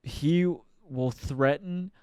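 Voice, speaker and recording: A man's voice: a little high, very slow, a little mellow, clean tone, no echo, studio quality. A young man co-hosting a podcast, telling a rambling story in casual chat, swearing often and mimicking people as he goes. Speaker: podcast co-host.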